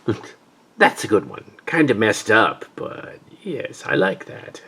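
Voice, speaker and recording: Deep, gravelly man muttering deadpan. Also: slow, in a whisper. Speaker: fan-film voice actor. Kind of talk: improvised fan-film voice acting.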